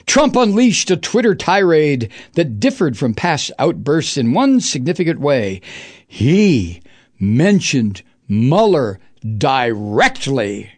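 Sarcastic, slow-talking male political ranter. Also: very animated, dry recording. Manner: sarcastic and mocking, with sudden high jeering outbursts. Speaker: political commentary host. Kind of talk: profane political monologue reading news aloud.

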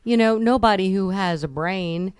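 A woman's voice: medium pitch, moderate pace, a little mellow, clear, resonant tone, no room sound, studio quality. A woman co-host chiming in on political chat, blunt and dismissive.

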